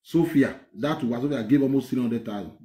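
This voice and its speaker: A man with a Nigerian accent giving animated political commentary on clips. He is excited and mocking, laughs often, and mixes Pidgin with English. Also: medium pitch, a little fast, roomy sound.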